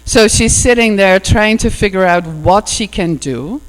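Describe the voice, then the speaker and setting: A woman's voice: mid-range voice, measured pace. Woman minister telling a story in an echoey hall. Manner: warm conversational storytelling with fillers like "you know". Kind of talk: sermon with storytelling. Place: church hall. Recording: echoey hall with mains hum.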